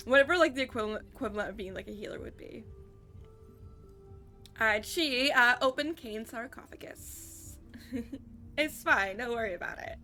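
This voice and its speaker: A woman streamer talks casually while she plays a game. Her voice is bright and forward, and she rambles with lots of fillers. Faint music sits behind her. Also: a little high. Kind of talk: casual gameplay chat.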